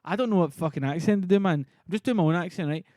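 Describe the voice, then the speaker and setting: A male streamer with a high, slightly mellow voice chats casually between readings at a racing pace. He swears freely and argues with his chat in exasperation, and the sound is close and dry with no room sound.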